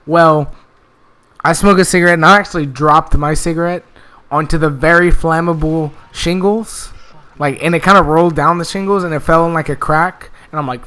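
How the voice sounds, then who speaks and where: A man's voice: fairly high pitch, steady tone, moderate pace, sharp tone, smooth. A young man telling a rambling, profane story in casual speech, filling it with "like" and "well.".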